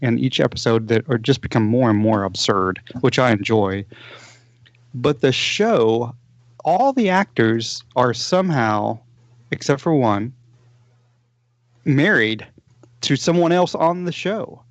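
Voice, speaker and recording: A man's voice: medium pitch, expressive, unhurried, no echo, muffled recording. Rambling man retelling a sitcom plot. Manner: rambling, retells plots with many fillers and restarts. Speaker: podcast co-host. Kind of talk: casual movie podcast chat.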